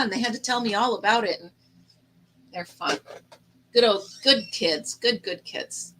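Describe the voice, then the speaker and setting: A woman's voice: medium pitch, normal speed, pushed and bright, a little hiss or hum, rough recording. A middle-aged woman hosting a casual live chat stream, telling stories in a chatty way and laughing often.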